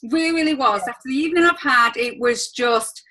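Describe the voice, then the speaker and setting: A woman's voice: high voice, brisk, pushed and bright, low-quality recording. A woman hosting a team training on a video call, chatty and gushing, rambling with fillers. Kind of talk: casual chat on a video call.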